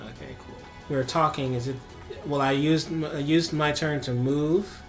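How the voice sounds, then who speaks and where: A man's voice: fairly high pitch, steady tone, normal speed, soft background music. A man playing a tabletop role-playing game, talking casually and joking with the game master. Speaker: player.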